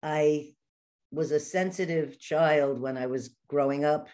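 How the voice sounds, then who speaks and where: A woman's voice: low voice, steady tone, darkish tone. An older woman with a New York accent, a podcast guest telling stories, often stumbling over her first words. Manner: storytelling, quick bursts with repeated false starts. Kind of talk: casual interview chat.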